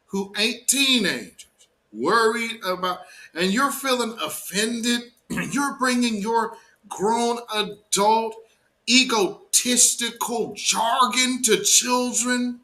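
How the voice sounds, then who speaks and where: Male livestream host, high bright voice, indignant slangy commentary. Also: lively intonation, slow pace. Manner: emphatic, indignant rant with slang.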